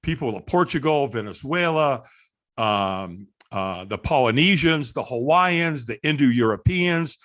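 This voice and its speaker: A middle-aged man telling a story as a guest on a podcast, animated and acting out the voices of people in the story. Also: mid-range voice, unhurried. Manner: animated storyteller, acts out quoted dialogue. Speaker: guest, firewalk instructor.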